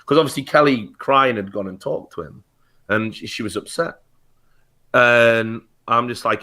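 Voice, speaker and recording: A man's voice: mid-range voice, normal speed, sharp tone. British man, guest on a talk show, heated, profane, lots of false starts. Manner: heated, swears often, many restarts. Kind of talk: casual storytelling on a talk show.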